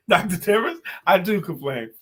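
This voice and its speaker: A man co-hosting a talk show, chatting casually and telling animated stories. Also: high-pitched, a little slow, slightly rough. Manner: animated storyteller, acts out voices in jokes and stories. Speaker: podcast co-host. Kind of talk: casual chat with storytelling.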